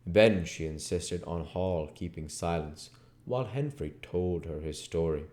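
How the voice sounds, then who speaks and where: A man reading a classic novel aloud as audiobook narration. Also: deep voice. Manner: slow, expressive reading. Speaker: audiobook reader.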